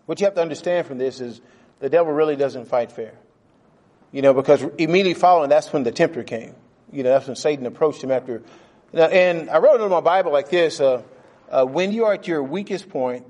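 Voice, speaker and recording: Man, middle-aged, folksy preacher, teaches a small class, repeats himself for emphasis, fairly high voice. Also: darkish tone. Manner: plain, folksy, repeats phrases for stress. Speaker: pastor or Bible teacher. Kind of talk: conversational sermon with class questions.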